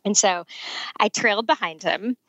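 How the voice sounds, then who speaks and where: Woman, forties, podcast guest, animated storyteller, medium pitch, dry close recording. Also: normal speed, no room sound, rough recording. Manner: animated, lively storyteller who laughs often. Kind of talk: casual storytelling.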